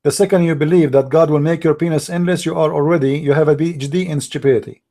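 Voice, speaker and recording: Guy hosting a call-in show, lecturing all scornful, non-native english, kinda high but mellow dark voice. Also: steady tone, fast talker. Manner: scornful, lecturing, repeats himself. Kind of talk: heated monologue.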